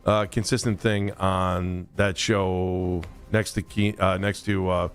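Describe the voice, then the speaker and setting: A man's voice: sits low, level tone, takes it slowly, smooth, soft background music. A man hosting a sports radio show in a studio, chatty and jokey, rambling through his lines and slipping into a big announcer voice. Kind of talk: casual sports radio chat. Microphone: studio microphone.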